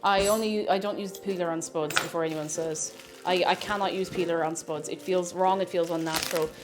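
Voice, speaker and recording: A woman's voice: on the low side, steady tone, a little fast, music in the background. A woman with an Irish accent, chatty and self-mocking, thinking aloud as she cooks on a stream in her home kitchen. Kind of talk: casual cooking stream chat.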